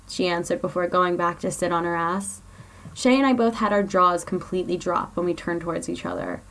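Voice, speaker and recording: A woman's voice: fairly low pitch, big pitch swings, fairly quick, gravelly, a bit bright. A woman blogger reading her own personal story aloud in an earnest, confessional way.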